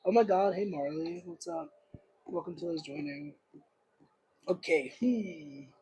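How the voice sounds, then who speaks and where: A man's voice: on the high side, moderate pace, dark tone, a little hiss or hum, poor audio. A young man giving a casual livestream tarot reading, rambling and searching for words with lots of fillers. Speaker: tarot reader.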